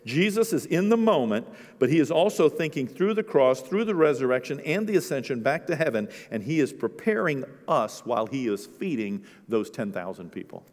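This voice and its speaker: Animated male pastor in a reverberant hall. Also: mid-range voice, moderate pace. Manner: animated storytelling, acting out voices. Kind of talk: sermon.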